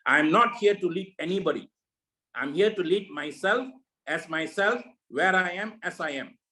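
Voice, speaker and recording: A man's voice: sits high, animated, moderate pace, bright, forceful tone, low-quality recording. A man leading a network marketing meeting over a video call, giving a preachy motivational talk full of repeated rhetorical questions.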